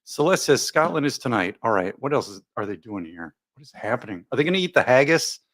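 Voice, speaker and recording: Male streamer host, chatty and jokey, mid-pitched voice with a lively, bouncing delivery. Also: quick pace. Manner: jokey, rambling, reads viewer comments aloud. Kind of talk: casual live commentary chat.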